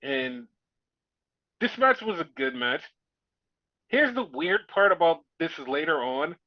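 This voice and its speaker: This podcast co-host speaks slowly in a slightly high voice with big pitch swings, captured dry and lo-fi with no room sound. His casual show recap wanders, swears freely, and includes acted-out quotes.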